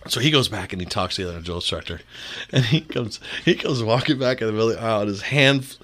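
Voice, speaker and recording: A man telling a casual story, animated and often breaking into laughter. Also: on the low side, fast talker.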